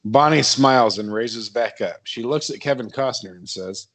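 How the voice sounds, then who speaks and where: A man's voice: mid-range voice, moderate pace, a bit bright. A man narrating a comedy horror podcast script, often laughing and stumbling over his lines.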